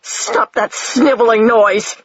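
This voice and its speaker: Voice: mid-range voice, measured pace, fairly bright tone, husky, no echo, muffled recording. A reader voicing a cruel, suspicious female sperm whale wizard who speaks sharply. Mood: hostile.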